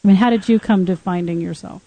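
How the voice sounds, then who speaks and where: A woman's voice: on the low side, fast, mellow, rough recording. A woman hosting a podcast, asking engaged questions and telling stories in a chatty way. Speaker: podcast host. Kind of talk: casual podcast interview.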